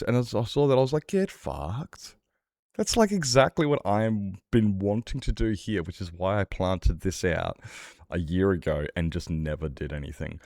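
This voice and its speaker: A man's voice: low voice, gravelly, a little mellow, no room sound, clean studio sound. A man streaming a game, rambling and joking as he talks back to his chat. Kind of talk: casual livestream chat while gaming.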